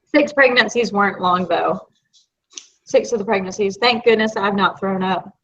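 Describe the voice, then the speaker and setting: A woman's voice: mid-range voice, normal speed. Chatty Southern woman, lo-fi sound. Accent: Southern American. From Florida. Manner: chatty and animated storyteller. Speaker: co-host of a live video chat. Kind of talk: casual chat. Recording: dull lo-fi sound.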